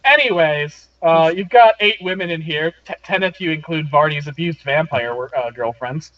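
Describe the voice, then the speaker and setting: A man's voice: fairly high pitch, moderate pace, no room sound. A man narrating a tabletop game as game master, explaining rules and story with lots of fillers. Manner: rambling, explanatory, many fillers. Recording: dull lo-fi dry sound.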